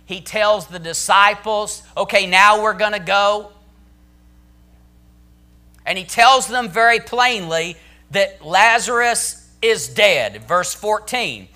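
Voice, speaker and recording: A man's voice: high voice, expressive, slow pace, pushed and bright. A man pastor preaching a sermon to his church, building to emphatic, intense declarations.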